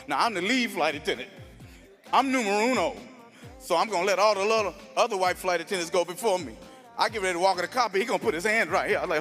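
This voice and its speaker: High, bright-voiced stand-up comedian man. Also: fast, faint music behind. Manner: animated, loud, laughing through punchlines.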